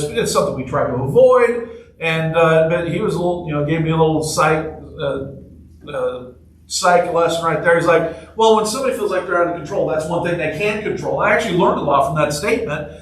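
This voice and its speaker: This pastor speaks in a slightly high, somewhat bright voice, with a little hiss or hum on the recording. His sermon is casual and jokey, full of stories and questions for the congregation. The echoey sanctuary makes him sound far away.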